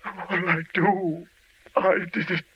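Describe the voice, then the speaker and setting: An actor playing an overwrought husband in 1940s radio acting style, emotional and pleading. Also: male voice, high-pitched, little pitch movement, slow pace, slight background noise. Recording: muffled old radio drama recording.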